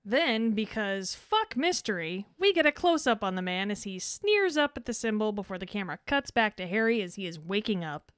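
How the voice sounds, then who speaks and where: A woman co-hosting a podcast, reading out a scene summary with a dry, deadpan edge. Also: medium pitch, normal speed, hardly any pauses, clear, resonant tone, no echo. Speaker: podcast co-host.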